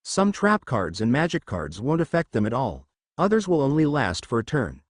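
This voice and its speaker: A man's voice: medium pitch, wildly swooping pitch, normal speed, dry recording, clean studio sound. A man voicing a scheming male villain who taunts and hisses, in a storybook reading. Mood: taunting. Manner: taunting, hissing.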